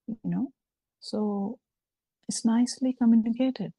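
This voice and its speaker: A woman giving a slow, halting Buddhist dharma talk over a video call, with frequent fillers. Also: a little high, steady tone, mellow, dry recording, low-quality recording. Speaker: Buddhist teacher.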